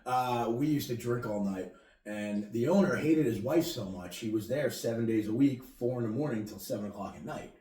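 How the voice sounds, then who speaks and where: A man's voice: mid-range voice, normal speed, mellow, reverberant, far from the mic. A man co-hosting a podcast, telling crude, joking, nostalgic stories in casual chat. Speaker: podcast co-host.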